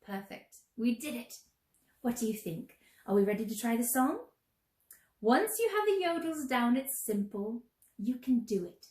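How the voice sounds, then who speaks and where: A woman leading a children's sing-along, gently encouraging, singing show tunes and teaching yodels. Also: fairly high pitch, big pitch swings, unhurried, reverberant.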